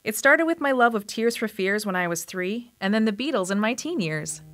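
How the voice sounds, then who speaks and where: A woman's voice: mid-range voice, animated, moderate pace, over music. A woman in her forties with a Wisconsin accent, reading her own personal essay in a reflective storytelling manner for radio. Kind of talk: scripted personal essay narration.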